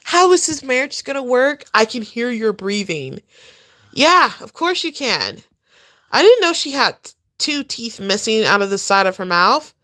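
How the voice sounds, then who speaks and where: A woman's voice: high-pitched, lively intonation, moderate pace, bright, forceful tone. A woman giving blunt, profane, mocking reaction commentary on a video. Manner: mocking, blunt, swears often.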